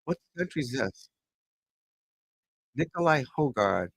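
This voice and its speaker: A man hosting a casual golf livestream, talking loudly, swearing and rambling as he chats with viewers. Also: medium pitch, sing-song, a little slow, vocal fry, slightly rough, no room sound, low-quality recording. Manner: loud, swearing, rambling and frustrated. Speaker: golf pro livestream host. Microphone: desk mic at computer.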